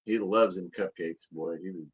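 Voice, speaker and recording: A man's voice: deep voice, normal speed, breathy edge. A man, co-hosting a casual podcast chat, crude and boastful, often laughing at his own jokes. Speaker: podcast co-host.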